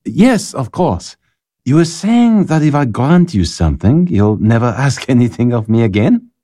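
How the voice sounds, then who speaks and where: An actor playing a brisk, commanding older father in a radio drama. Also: mid-range voice, very animated, mellow, no echo, clean studio sound. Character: brisk aristocratic father, commanding yet curious.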